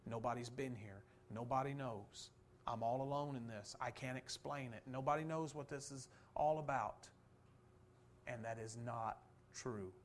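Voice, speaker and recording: A man preaching a sermon, posing rhetorical questions and answering them, swinging from fervent emphasis to soft, low reflection. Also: measured pace, a little hiss or hum. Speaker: pastor.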